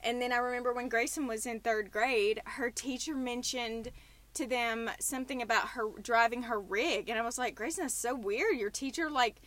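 A woman's voice: on the high side, moderate pace, a bit bright, no room sound. A woman in her forties with a Southern US accent, hosting a podcast in a casual, chatty way. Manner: chatty, laughing storyteller. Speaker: podcast host.

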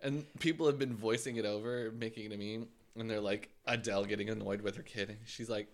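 A co-host in casual chat, loud and crude, who breaks into cackling laughter. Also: medium pitch, steady tone, fast talker.

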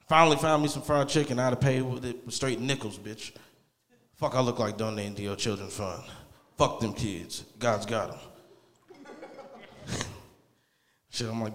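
A man's voice: mid-range voice, normal speed, pauses often. A man doing a rambling, crude open-mic stand-up set in a small comedy club. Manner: rambling, crude and laid-back. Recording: club mic with long reverb.

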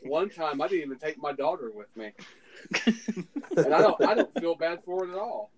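A man's voice: a little high, expressive, moderate pace, a crowd in the background, rough recording. A man co-hosting a podcast in a laid-back, chatty way, laughing easily. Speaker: podcast co-host. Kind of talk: casual podcast chat.

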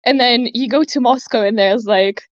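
A young woman from Switzerland, a podcast guest, talking in a relaxed, reflective way with lots of "like". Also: on the high side, moderate pace, dry recording, lo-fi sound. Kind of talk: casual chat.

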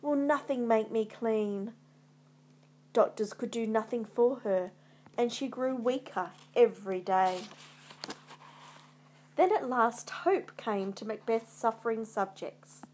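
Slow, measured woman reading a story. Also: on the high side, lively intonation, darkish tone, slight background noise. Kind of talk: scripted narration of a retold classic tale.

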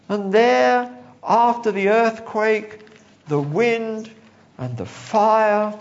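A man preaching a sermon, telling the story with animated delivery, acting out quotes and chuckling now and then. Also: sits high, very slow, highs cut off.

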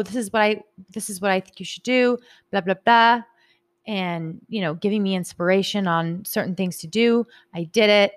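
A woman in her thirties talking candidly about emotions and parenting, swearing freely and growing animated. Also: medium pitch, no room sound. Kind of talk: casual motivational talk.

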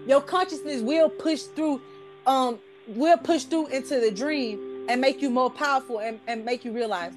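High-voiced woman telling a casual story. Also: moderate pace, faint music behind. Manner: animated, slangy, repeats "like" and "I was like". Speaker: vlogger.

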